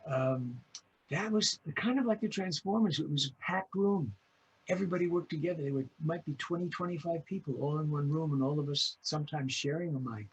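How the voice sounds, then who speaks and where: An older man, a voice actor being interviewed, telling lively stories and acting out voices as he recalls his work. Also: mid-range voice, a little hiss or hum, rough recording. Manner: lively storyteller, acts out voices. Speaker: guest voice actor.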